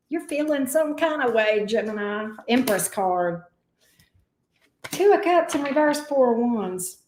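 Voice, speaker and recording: This live tarot reading comes from a woman whose slightly high voice is darkish and lively in intonation, and a little slow. Her viewer chat is exclamatory and teasing with casual swearing, recorded in an echoey room.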